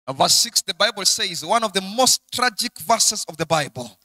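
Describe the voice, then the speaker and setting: Young man, Kenyan accent, preaching, sing-song and emphatic, very high voice, bright. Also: lively intonation, moderate pace, poor audio. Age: young adult. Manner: sing-song, emphatic, repeats key lines. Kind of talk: sermon.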